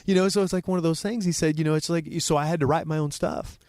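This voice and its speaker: A man's voice: fairly high pitch, steady tone, fast talker, a little mellow, no echo, studio quality. A man from Oklahoma with a Southern accent, a guest on a podcast, rambling through a casual story with many restarts.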